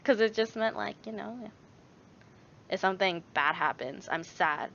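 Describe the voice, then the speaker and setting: A woman's voice: medium pitch, expressive, a little slow, sharp tone, dull audio, a little hiss or hum. A young woman vlogger chatting casually on a livestream, rambling with lots of fillers and reading viewer messages aloud. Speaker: YouTuber answering chat.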